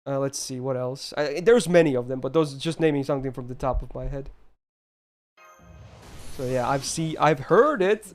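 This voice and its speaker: A man's voice: mid-range voice, moderate pace. A man streaming a game live, ranting emphatically and answering his chat.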